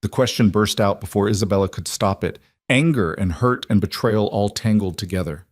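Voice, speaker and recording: A man narrating a scripted romance story in an even, measured way. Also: on the low side, dry recording, studio quality.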